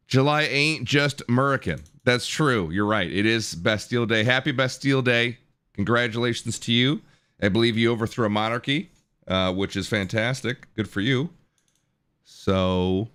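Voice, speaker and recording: A man's voice: on the low side, fairly bright tone. A man in his thirties hosting a live stream, chatting casually, joking and thanking viewers from chat. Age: 30s. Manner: chatty, jokey, reads out chat and thanks subscribers. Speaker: livestream host.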